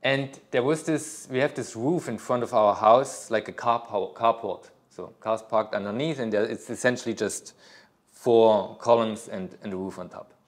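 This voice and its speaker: A man's voice: lowish voice, moderate pace. A middle-aged man, a yoga teacher, talking casually at a studio workshop, rambling with many fillers and restarts.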